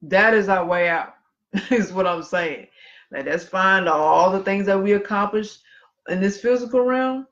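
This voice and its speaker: A man's voice: sits high, a little slow, fairly bright tone. A man co-hosting a casual podcast, reading history aloud and breaking off for chatty asides. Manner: conversational, reads passages then comments with asides. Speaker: podcast co-host. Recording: dull lo-fi livestream audio.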